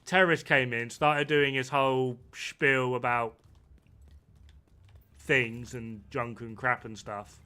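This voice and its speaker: A man's voice: medium pitch, pushed and bright. A man giving rambling, amused commentary while he plays a video game. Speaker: gaming streamer. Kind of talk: casual commentary while playing.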